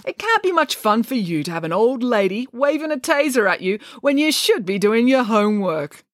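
A woman voicing a frumpy, apologetic older female professor in a storybook reading, with a lively, fussy delivery. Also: on the high side, normal speed, dry recording, clean studio sound, pitched above the performer's own voice.

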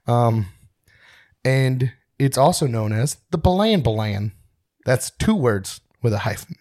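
A man's voice: medium pitch, animated, a little slow, darkish tone, no room sound, studio quality. A young man co-hosting a podcast in casual chat, rambling and poking fun at himself. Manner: rambling, self-mocking, laughs often. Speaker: podcast co-host.

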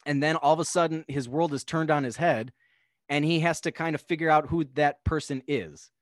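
A young man on a podcast, casually talking through a film in a rambling, animated way. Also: a little high, normal speed, no echo, studio quality. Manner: rambling, animated, acts out characters' lines. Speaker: podcast guest.

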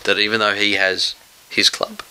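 Deep, bright-toned man. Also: flat delivery, moderate pace, smooth, low-quality recording. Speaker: podcast co-host. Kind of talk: casual sports chat.

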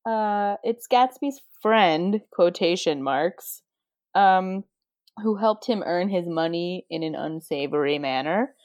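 A woman's voice: lowish voice, lively intonation, unhurried, darkish tone, dry recording, clean studio sound. A young woman co-hosting a podcast, chatting casually about a book, giggling and playfully quoting characters. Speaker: podcast co-host.

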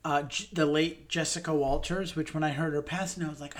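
A young adult man co-hosting a podcast in casual chat, chatty and fond of puns, getting animated when he gushes. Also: on the high side, fast, hardly any pauses. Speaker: podcast co-host.

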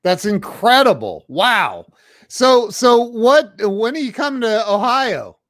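A man's voice: very high-pitched, very animated, takes it slowly, fairly bright tone. A man hosting an interview, reacting with enthusiastic exclamations. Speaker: podcast host. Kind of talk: casual interview.

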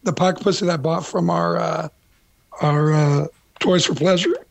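A man co-hosting a radio show over the phone, hoarse from a cold, gruff and cursing. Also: fairly high pitch, steady tone, moderate pace, no echo. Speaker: radio co-host calling in. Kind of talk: crude casual radio banter.

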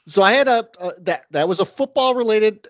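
A man's voice: sits high, expressive, fairly quick, no echo. A middle-aged man with an upstate New York accent, hosting a casual sports chat and ranting about his team. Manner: ranting, mimics fans in sudden bursts. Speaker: podcast host.

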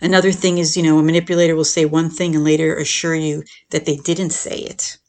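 A podcast host talking through ideas in an easy, conversational way, often tossing in "right?" and "you know". The voice has a gravelly, creaky edge and sits at a middling pitch. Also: brisk. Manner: acts out quoted lines in a lifted, animated voice. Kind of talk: casual explanatory talk on relationships.

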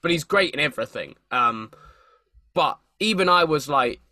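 A man's voice: fairly high pitch, animated, moderate pace, pushed and bright, no room sound, studio quality. A man chatting casually on a podcast. He rambles, restarts his sentences often, and swears casually. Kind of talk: casual chat.

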